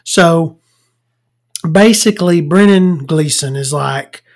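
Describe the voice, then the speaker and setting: A woman's voice: low-pitched, unhurried. A woman hosts her podcast in a loose, rambling monologue. She swears freely and stumbles over words as she goes. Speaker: podcast host.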